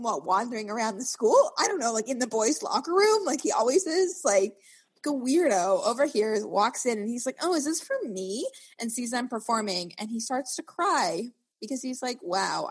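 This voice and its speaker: A woman co-hosts a podcast in sarcastic, casual chat. Her voice is a little husky, and her pitch swings widely as she talks. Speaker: podcast co-host. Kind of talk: casual chat recapping an episode.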